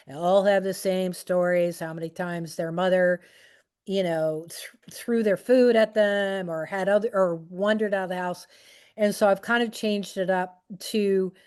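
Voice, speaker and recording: With a medium-pitched, somewhat dark voice, a middle-aged woman casually addresses a group on the subject of aging and technology. She rambles through anecdotes in a chatty style, filling gaps and restarting her sentences.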